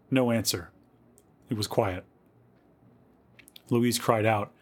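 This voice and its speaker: A man with a fairly low voice gives a dramatic, measured reading of a spooky tale. As podcast host he leans into the eerie moments, pacing his storytelling for suspense.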